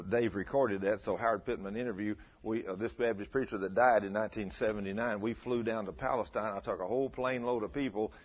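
A husky-voiced preacher in his fifties, telling stories from the pulpit with lively energy. He acts out every exchange as he goes, and the recording sounds dull and lo-fi. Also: lowish voice. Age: 50s. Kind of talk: storytelling sermon.

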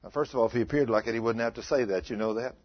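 A man's voice: mid-range voice, racing, slightly rough. A man preaching a sermon, telling the story with dramatic quotes and asking the congregation questions. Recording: dull lo-fi sound.

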